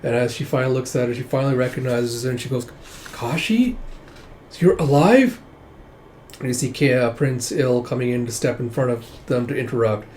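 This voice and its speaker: A man's voice: mid-range voice, level tone, fast talker, hardly any pauses, a little mellow, a little hiss or hum. A man casually narrating a comic read-through, chatting loosely with many filler tags. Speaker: comic book reviewer.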